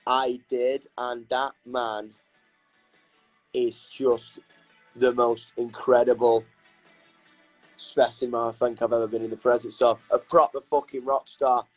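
A young man with a British English accent, hosting a casual livestream chat from a hotel room on his phone, energetic, excitable and sweary. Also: mid-range voice, unhurried, long pauses, lo-fi sound, faint music behind.

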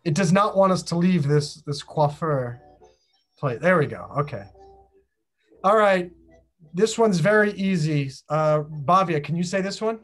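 Host on a video call, playful and chatty, keeps tossing questions to the group, mid-pitched voice. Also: animated, measured pace, soft background music. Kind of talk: casual group chat.

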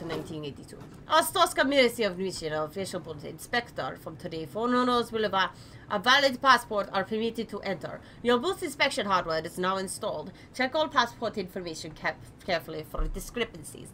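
Bright, animated woman gamer, swearing loudly. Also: on the high side, a little hiss or hum. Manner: swears freely, yells mock-official orders at characters; reads on-screen text aloud haltingly. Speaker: let's play gamer. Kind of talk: casual game commentary.

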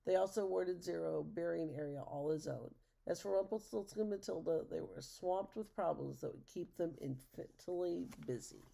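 A woman narrating a children's storybook aloud, steady and expressive. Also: lowish voice, normal speed, vocal fry, few pauses.

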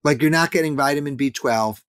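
A man's voice: fairly high pitch, a little fast, dry recording, studio quality. A man in his fifties, a guest in an interview, talking earnestly and emphatically, repeating his key points. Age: 50s. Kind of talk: interview conversation.

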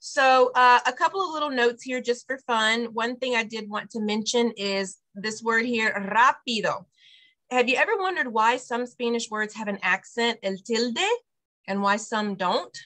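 Woman, bright clear voice, patient step-by-step teacher on a video call. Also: fairly high pitch, normal speed. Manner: explains step by step, repeats phrases after the teacher. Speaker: preschool director teaching Spanish to parents. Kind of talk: online Spanish lesson for parents.

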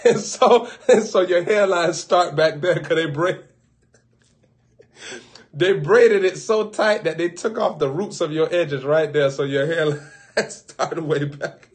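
High-voiced man riffing comedically. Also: slow pace. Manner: animated, laughing often, acting out little scenes. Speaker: preacher. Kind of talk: comedic storytelling riff.

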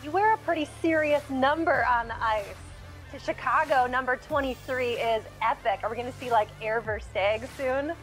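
A woman's voice: high-pitched, a bit bright, faint music behind, low-quality recording. A woman hosting an interview, asking questions in a playful, joking way. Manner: playful, joking, quick to laugh between questions. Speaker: interview host.

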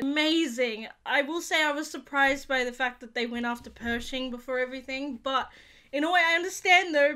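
Bright high-voiced gushing young woman. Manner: gushing, rambling, full of fillers; bursts into squeals and laughs. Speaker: YouTube reaction host. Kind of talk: casual review chat.

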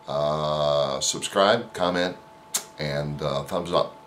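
Low-voiced man telling a rambling story. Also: extremely slow, a bit bright, slight background noise. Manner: rambling, with many fillers and restarts. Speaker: vlogger. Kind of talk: casual storytelling.

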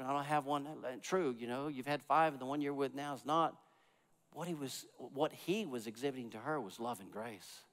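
Preaching man in a reverberant church. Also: mid-range voice. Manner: preaching with sudden loud emphatic swells and quiet drops. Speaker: pastor. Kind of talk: sermon. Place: church sanctuary.

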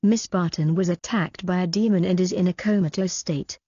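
A woman's voice: fairly low pitch, fairly even intonation, moderate pace, warm tone, husky, no echo. A woman voicing a stern, weary middle-aged king with a formal, commanding manner. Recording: dull lo-fi audio.

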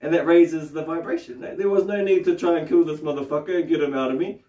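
Man, New Zealand accent, fairly high voice, meditation teacher, casual and profane, echoey room, mic set back. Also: animated, quick pace, hardly any pauses, warm tone. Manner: loose, swears freely, frequent tag questions. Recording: roomy, distant mic.

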